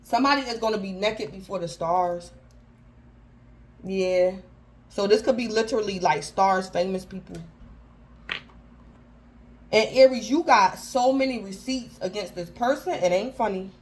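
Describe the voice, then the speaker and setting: A woman reads tarot cards in a loose, chatty way, her voice sitting at a middle pitch. She talks in slangy, informal phrasing, restarts her sentences and keeps calling out to her listener by star sign. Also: a little slow, long pauses, slight background noise, poor audio. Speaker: tarot reader. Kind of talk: casual tarot reading to camera.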